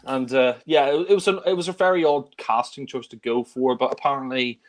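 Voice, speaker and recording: A man talks in an easygoing, rambling way, full of enthusiasm for the films he discusses. His voice sits in an ordinary middle pitch. He sounds like one co-host in a casual chat among friends. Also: fairly quick.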